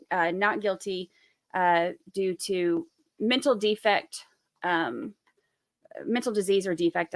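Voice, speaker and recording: A woman's voice: medium pitch, no echo, clean studio sound. A woman hosting casual live-stream commentary on a trial, rambling with many fillers and restarts.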